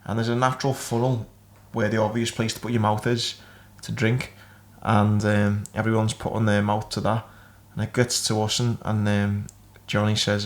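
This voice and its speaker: A man's voice: fairly low pitch, little pitch movement, normal speed, hardly any pauses. A man hosting a podcast, telling crude, funny anecdotes in a casual, chatty way. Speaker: podcast host. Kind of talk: casual chat.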